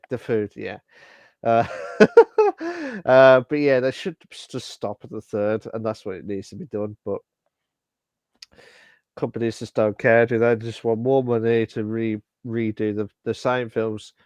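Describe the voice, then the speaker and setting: A man co-hosting a casual podcast, talking in halting bursts with lots of fillers and restarts. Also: mid-range voice, a little mellow, clear, resonant tone, dry recording. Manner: hesitant, many fillers and restarts. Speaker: podcast co-host.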